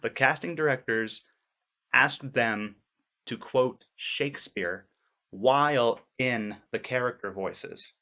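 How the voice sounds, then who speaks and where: Rambling bright-voiced man vlogging. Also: mid-range voice, takes it slowly, muffled recording. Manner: rambling, filler-heavy, earnest. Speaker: voice actor vlogger. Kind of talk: casual vlog advice.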